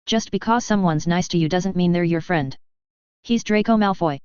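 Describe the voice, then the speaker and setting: A woman's voice: fairly low pitch, normal speed, a little mellow, smooth, no echo, close to an everyday voice. A woman voicing a fierce young girl who warns with urgent intensity, in a dull, dry recording. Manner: intense, near-shrieking warnings.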